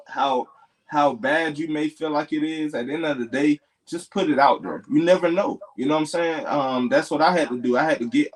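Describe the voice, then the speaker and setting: A man's voice: medium pitch, poor audio. A young man hosting a casual livestream, reading out viewer comments and encouraging them in a loose, filler-heavy way. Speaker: livestream host.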